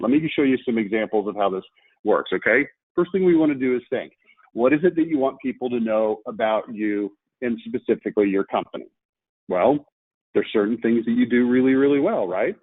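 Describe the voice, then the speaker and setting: A man's voice: mid-range voice, slightly rough, dry recording. A man giving a marketing webinar lecture, emphatic, with rhetorical questions and repeated key words. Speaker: marketing presenter. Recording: tinny phone-like line, dry.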